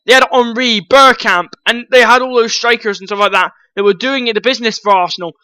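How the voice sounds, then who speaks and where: A man's voice: very high-pitched, steady tone, brisk, pushed and bright, dry recording, rough recording. A man ranting bluntly about football transfer news to his viewers, swearing freely and calling them guys. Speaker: football vlogger. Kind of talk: opinionated transfer-news rant.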